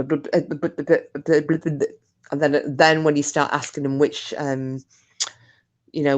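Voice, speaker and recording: A British woman from the UK, chatting casually with viewers on her livestream, swearing and mocking scammers. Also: rumbling low. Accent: British English. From United Kingdom. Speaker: livestream host. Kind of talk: casual live chat with viewers.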